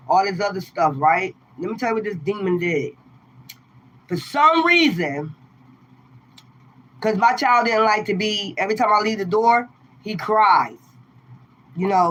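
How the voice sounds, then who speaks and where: A woman tarot reader telling viewers a personal story in a casual, emphatic, animated way. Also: medium pitch, highs cut off.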